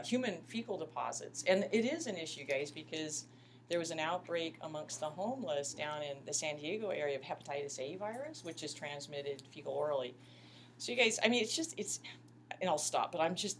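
A woman's voice: on the low side, animated, fairly quick, slight background noise. A middle-aged woman teaching a microbiology lab class, talking in a chatty, impassioned way and calling her students "you guys". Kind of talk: classroom lecture.

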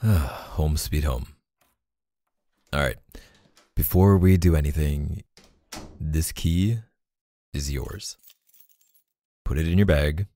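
Low gravelly man, whispered role-play. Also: slow, pauses often. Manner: soft-spoken, hesitant, affectionate. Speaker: ASMR boyfriend roleplay creator.

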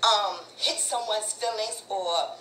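A woman talking as a guest in a casual conversation, animated and chatty. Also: medium pitch, slow, a little hiss or hum. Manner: animated, chatty, often laughing. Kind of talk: casual talk show conversation. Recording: echoey room.

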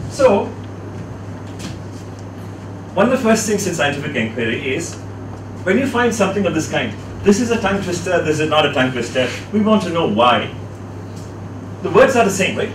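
A man's voice: a little high, noisy background. A man teaching a class, asking students questions and leading them through a word exercise. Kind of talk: classroom lecture. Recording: echoey classroom from far off.

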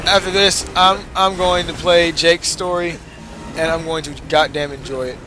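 A man's voice: a little high, fairly even intonation, normal speed. A young man giving casual, frustrated gameplay commentary, swearing and cheering himself on. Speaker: gamer.

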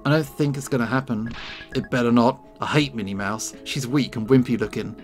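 A man's voice: mid-range voice, a little fast, faint music behind, lightly acted. A man voicing a sullen, hot-headed teenage girl who talks in a sulky, blunt way.

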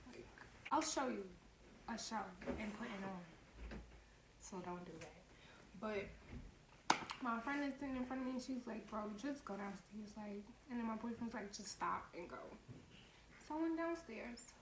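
A young woman vlogger recounts a story in a blunt, animated, profanity-laced way. Her voice sits on the high side and rings in an echoey room. A faint hiss runs under it. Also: moderate pace, pauses often. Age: young adult. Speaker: vlogger and lash tech. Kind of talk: storytime monologue.

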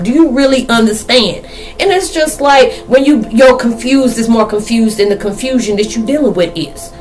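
A woman's voice: on the high side, animated, normal speed. A young woman, chatting casually and playfully in a rambling spiritual vlog. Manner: rambling, playful, laughs often. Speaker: spiritual vlogger.

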